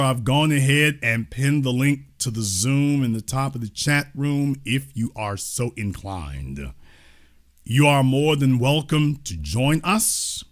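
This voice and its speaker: A man hosting a live-stream talk show, making casual, mocking commentary with animated asides. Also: mid-range voice. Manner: animated, mocking, slips into mimicked voices.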